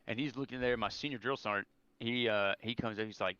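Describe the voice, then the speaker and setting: A man's voice: medium pitch, fast, pushed and bright, clean tone, no room sound, dull audio. A young man, a serving soldier, rambling through a story as a podcast guest, full of restarts and acted-out quotes. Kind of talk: casual storytelling over beers.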